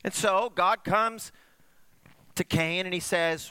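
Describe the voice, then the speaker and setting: A male pastor preaching a sermon, telling stories with animated swings between raised and hushed delivery. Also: slow, long pauses, clean tone, dry recording. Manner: animated storytelling, swooping between high and hushed.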